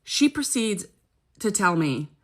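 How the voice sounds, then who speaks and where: A woman's voice: medium pitch, sing-song, takes it slowly. A young woman casually telling a personal story, chatty and dramatic, often checking in with her listener. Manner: chatty, keeps checking in with "okay?".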